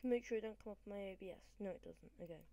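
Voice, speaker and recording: A woman giving rambling, excitable let's-play commentary, swinging between loud cheers and quiet mumbles into a desk microphone. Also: medium pitch, fast talker, vocal fry, slight background noise. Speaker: gamer.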